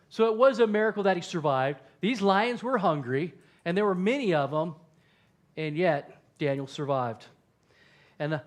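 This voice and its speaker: A male pastor preaching a sermon, telling the story with animation and acting out the quotes. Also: high voice.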